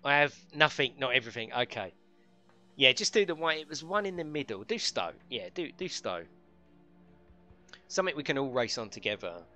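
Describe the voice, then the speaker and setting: A man's voice: medium pitch, big pitch swings, normal speed, bright, forceful tone, soft background music. A man streaming a racing game live, chatting casually with viewers and friends, swearing lightly and laughing often.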